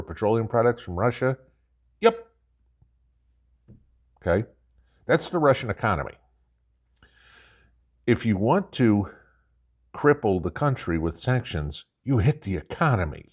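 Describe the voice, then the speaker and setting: Deep-voiced sarcastic man ranting. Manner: sarcastic, mocks officials in put-on quotes. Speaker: prepping channel host. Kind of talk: casual commentary monologue.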